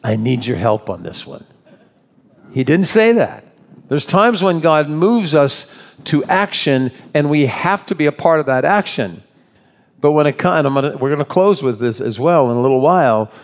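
A man's voice: fairly high pitch, expressive, normal speed. A man leading a congregation in prayer and then preaching a sermon, asking the listeners questions as he goes. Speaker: pastor.

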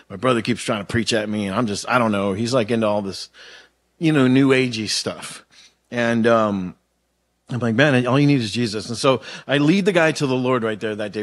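A middle-aged male pastor preaching in a casual, conversational way, telling stories with slang and lots of fillers. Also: lowish voice. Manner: chatty storytelling with slang and many fillers.

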